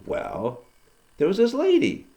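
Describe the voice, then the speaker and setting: A man voicing a cheerful poor handyman who chats brightly about his luck. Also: high-pitched, wildly swooping pitch, slow pace, voice pushed up, heavily acted. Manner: upbeat, chatty, Yiddish-flavored words. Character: cheerful poor male handyman, always happy.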